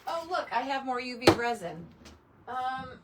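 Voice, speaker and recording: A woman's voice: high-pitched, big pitch swings, measured pace, very noisy. A woman hosting a casual crafting livestream, exasperated and talking to herself and her chat as she works.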